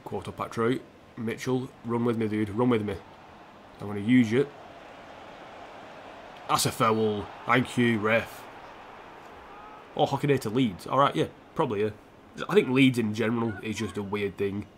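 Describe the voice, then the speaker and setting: A man's voice: on the low side, normal speed, pauses often, slight background noise. Chatty man streaming a football game. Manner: chatty, self-mocking, reacts to the match and answers chat. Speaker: streamer playing a football career mode. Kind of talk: casual live-stream commentary.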